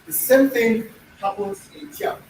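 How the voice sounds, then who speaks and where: Guy teaching a class, pretty high voice, far from the mic, faint hum behind. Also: lively intonation, a little slow, vocal fry, darkish tone. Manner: repeats himself, checks understanding often. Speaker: language teacher. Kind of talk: classroom lesson. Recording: echoey room, distant mic, faint noise.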